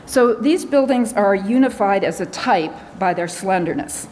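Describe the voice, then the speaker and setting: American woman presenter, hurried and filler-heavy, lecture-hall reverb. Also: medium pitch, lively intonation, a little mellow, a little hiss or hum. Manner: hurried, talking fast with many fillers and restarts. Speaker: conference speaker. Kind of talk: conference talk. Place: large conference hall.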